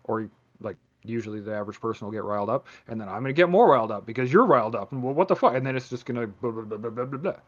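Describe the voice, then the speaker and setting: A man hosting a podcast in casual chat, swearing freely and rambling through animated stories. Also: mid-range voice, rapid-fire, dull audio. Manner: profane, rambling, animated storytelling.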